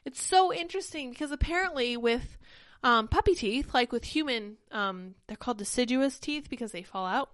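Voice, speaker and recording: Young woman host, casual stream chat, slightly higher voice, a bit breathless, dry close sound. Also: moderate pace, dry recording. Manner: chatty, animated, reads chat comments aloud. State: short of breath. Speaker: podcast host. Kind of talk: casual livestream commentary.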